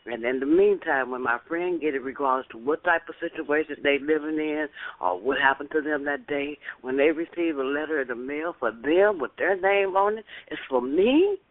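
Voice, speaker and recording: A woman calling into a talk show, speaking earnestly with halting restarts and pressing questions. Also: sits low. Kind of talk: casual talk show chat. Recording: dry tinny phone line.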